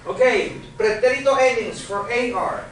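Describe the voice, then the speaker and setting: Patient male teacher, high-pitched, lecturing in a class, heard from across a reverberant room. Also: moderate pace, a bit bright, faint music behind. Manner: patient, checks for understanding with "okay?" and questions. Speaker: Spanish teacher. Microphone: recorded from across the room. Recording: echoey classroom from a distance.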